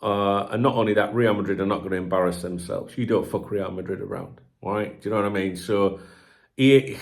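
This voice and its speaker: A man's voice: fairly low pitch, fairly even intonation, normal speed. A man hosting a football channel, reading news aloud and breaking off into chatty, blunt commentary with plenty of asides. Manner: chatty and digressive, with frequent fillers and rhetorical asides; blunt, occasional swearing.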